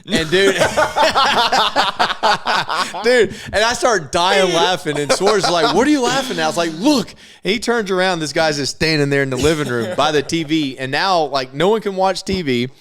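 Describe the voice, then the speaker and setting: A man's voice: fairly high pitch, lively intonation, normal speed, a crowd in the background. A man co-hosting a podcast, telling a funny story in casual chat and laughing often. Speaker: podcast co-host.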